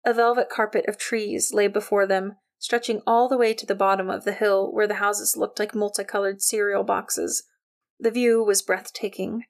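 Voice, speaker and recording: A woman narrating an audiobook in a wry, lively storytelling manner. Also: medium pitch, vocal fry.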